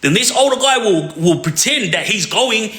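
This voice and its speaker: A man tells a street story in a loose, rambling way, checking in with the listener every few lines. His voice sits a little high and sounds bright and forceful. The room around him is echoey. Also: lively intonation, moderate pace. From Australia. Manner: rambling, checks in with a constant "yeah?". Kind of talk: casual crime storytelling.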